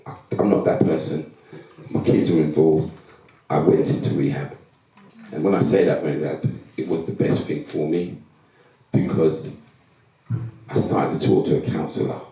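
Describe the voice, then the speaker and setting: Man, low gravelly voice, dark tone, animated storyteller, echoey hall. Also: normal speed, long pauses. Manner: animated storytelling, acting out quoted exchanges. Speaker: former professional footballer, guest speaker. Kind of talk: storytelling talk to a live audience. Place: event hall. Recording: echoey hall, distant mic.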